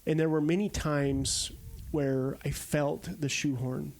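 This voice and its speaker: A man's voice: fairly high pitch, little pitch movement, slow pace, gravelly, a little mellow. A man in his forties from Arizona, a podcast guest telling stories casually and animatedly, acting out the quotes. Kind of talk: casual storytelling.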